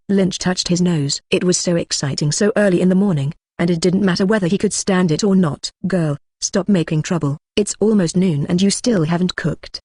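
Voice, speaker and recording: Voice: mid-range voice, darkish tone, no echo, clean studio sound. A synthetic-sounding narrator reading a translated web novel aloud, who reads symbols and sound words literally. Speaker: audiobook narrator.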